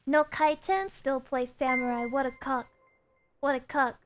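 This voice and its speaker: A woman streaming a game playthrough, chatting excitably with loud outbursts and frequent laughter. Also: sits high, unhurried, slight background noise. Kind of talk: live game playthrough chat.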